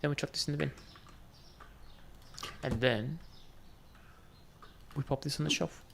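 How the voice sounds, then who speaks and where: Gravelly man chatting through gameplay. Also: on the high side, unhurried, background noise. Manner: chatty, jokey banter with game customers. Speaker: gaming video host. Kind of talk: casual gameplay commentary.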